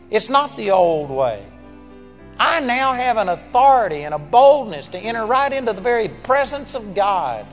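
Emphatic preacher man in a reverberant hall. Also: fairly high pitch. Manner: emphatic, rises from hushed to forceful. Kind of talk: sermon.

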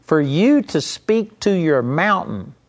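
A man preaching a sermon, emphatic, slowing down to stress each scripture quote. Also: a little high, big pitch swings.

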